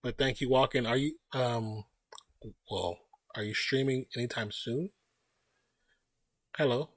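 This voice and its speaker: A man hosts a casual live stream, chatting loosely in an unhurried, medium-pitched voice with no room sound. Relaxed and rambling, he greets viewers by name as they join the chat.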